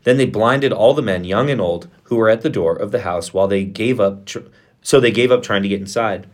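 A male pastor reading scripture aloud in a steady, measured voice. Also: fairly low pitch. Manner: steady, measured reading voice with lifted delivery of quoted speech.

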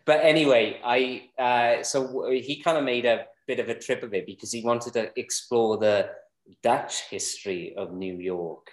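A man's voice: medium pitch, normal speed, echoey room, low-quality recording. A man co-hosting a casual podcast, rambling and chuckling with lots of fillers. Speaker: podcast co-host. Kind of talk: casual chat.

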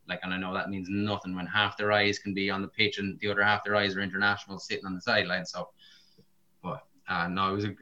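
A man's voice: fairly low pitch, bright, forceful tone. A man chatting casually about rugby, with lots of fillers. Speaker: podcast co-host. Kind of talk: casual sports chat. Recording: dull lo-fi sound.

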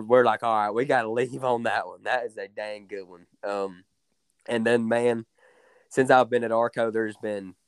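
A young man, telling hunting stories as a guide in a drawling, excited way with many fillers. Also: mid-range voice, clean tone, dry recording. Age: young adult. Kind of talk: casual storytelling.

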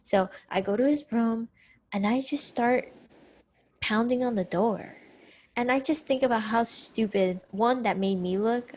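A young adult woman co-hosting a podcast, telling a personal story in a candid, profane, animated way. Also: a little high, measured pace. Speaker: podcast co-host. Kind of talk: casual storytelling chat.

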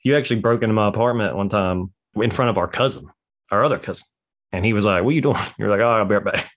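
A male podcast co-host with a fairly low voice, joking in a dry, laid-back manner. He keeps the chat casual and easygoing. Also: fast talker.

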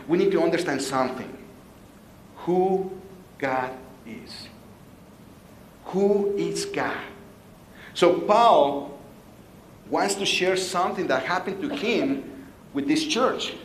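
A man's voice: sits high, animated, slow pace, long pauses, echoey room, slight background noise, rough recording. A man preaching a sermon, playful and joking with his congregation. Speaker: pastor. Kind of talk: sermon with jokes.

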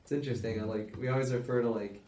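A man's voice: medium pitch, steady tone, rapid-fire, mellow, far from the mic. A young man from Utah in casual podcast chat, easygoing and slangy, laughing often. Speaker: podcast co-host. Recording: echoey room, faint noise.

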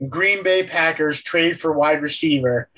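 A man's voice: on the high side, measured pace, sharp tone, low-quality recording. A young man hosting a casual sports podcast, teasing and sarcastic with his co-hosts. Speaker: podcast host.

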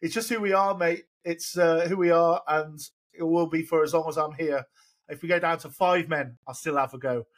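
A man's voice: a little high, steady tone, moderate pace, natural voice. A man putting on an Australian accent to voice a defiant, upbeat football manager. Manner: brash, clipped phrases with "mate".

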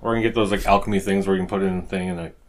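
A man's voice: sits low, steady tone, very fast, a little hiss or hum. A man playing in a tabletop game, chatting casually and swearing as he works out his moves. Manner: casual, profane, thinking aloud. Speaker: player.

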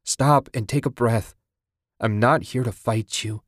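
A man's voice: mid-range voice, a little slow, no room sound, studio quality, natural voice. A man voicing a desperate young husband who pleads with his grieving wife. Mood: begging. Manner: pleading, raised voice.

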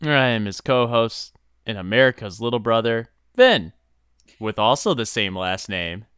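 Clear, bright male co-host, dry sound. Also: on the low side, no echo. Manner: bursts of energy that quickly drop off, hesitant restarts. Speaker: podcast co-host. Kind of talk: casual chat.

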